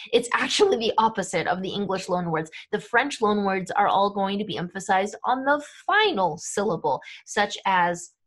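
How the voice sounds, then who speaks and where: A woman teaching a grammar lesson, explaining each step clearly and methodically. Her pitch sits in the middle of the range. She keeps checking that learners follow with a quick "okay?" or "right?". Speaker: language teacher.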